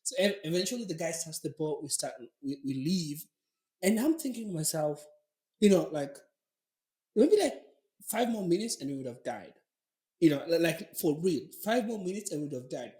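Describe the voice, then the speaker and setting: Male podcast host, chatty storyteller with a lively, swinging pitch, recorded in a roomy space. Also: moderate pace. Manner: animated, lots of filler words and laughing. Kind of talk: casual storytelling. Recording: roomy echo.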